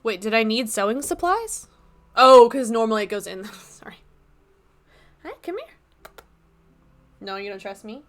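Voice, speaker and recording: A woman's voice: on the high side, animated, moderate pace, a bit bright. Playful chatty woman streamer. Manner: chatty, playful, self-mocking. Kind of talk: casual live-stream chat. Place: apartment room at a desk.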